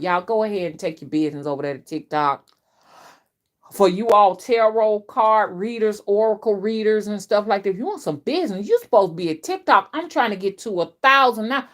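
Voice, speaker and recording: A woman's voice: lively intonation, fairly quick. A middle-aged woman, a spiritual reader, talking to her viewers in a casual, rambling live-stream chat, often repeating herself, her voice rising and dropping sharply. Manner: chatty, repetitive, with big swings in pitch and loudness. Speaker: spiritual reader and channel host.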